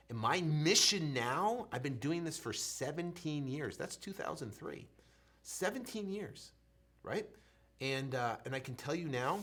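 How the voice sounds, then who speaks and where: A man in his thirties, working as a real estate coach, gives an animated motivational account of his life, alternating loud and soft delivery and performing his own stammer. His voice is a little high with a breathy edge.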